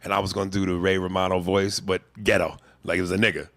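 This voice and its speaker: A man co-hosting a comedy podcast, talking in a profane, mocking, animated way on a close mic. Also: low-pitched, quick pace, no echo. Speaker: podcast co-host. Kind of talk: casual comedic chat.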